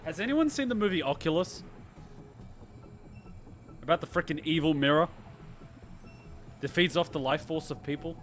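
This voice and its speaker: A man giving casual reaction commentary on a game, excitable, joking and profane. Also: a little high, normal speed, pauses often, a little hiss or hum.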